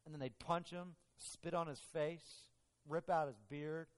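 A man's voice: a little high, fairly even intonation, unhurried. A male preacher delivering a dramatic, emphatic sermon, often restarting his phrases. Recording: long reverb of a large hall.

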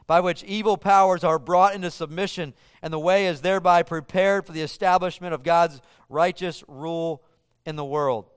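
A male pastor with a fairly high, smooth and resonant voice delivers a sermon. He tells the story vividly, building the scene for his listeners. The sound is close and dry. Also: no echo.

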